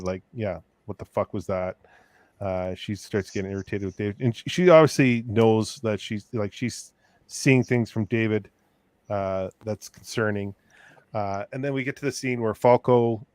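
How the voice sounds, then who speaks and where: A man's voice: fairly low pitch, dry recording. A man hosting a casual review chat, recapping scenes in a rambling way with many fillers. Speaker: podcast host.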